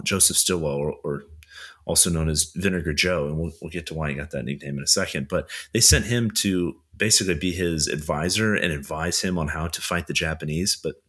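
A male podcast co-host walking listeners through history in a casual, filler-laden way. His voice is very deep and husky, with a bright edge. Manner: steady explainer, frequent "you know" fillers.

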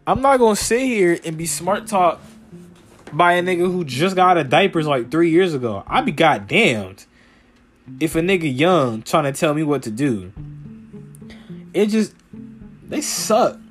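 Soft music plays behind a young man whose fairly high voice moves a little slowly as he hosts his podcast. His comedic rant is animated and full of profanity, with mocking impressions of people delivered in a raised voice.

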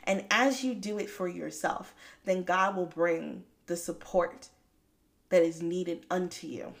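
A woman hosting a faith-based motivational podcast, talking straight to listeners in a lively, preachy way and laughing often. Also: lowish voice, measured pace, gravelly. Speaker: podcast host.

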